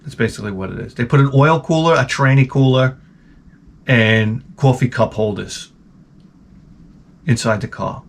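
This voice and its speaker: This channel host has a creaky, mid-range voice and talks at normal speed with long pauses. His casual rant is made of rambling, foul-mouthed funny stories that he keeps interrupting himself during.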